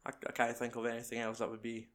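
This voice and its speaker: A man's voice: medium pitch, completely flat delivery, fast. A young man hosting a casual, sweary chat about a film, reading out the cast list with his co-host. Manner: sweary, banter-filled. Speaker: podcast host.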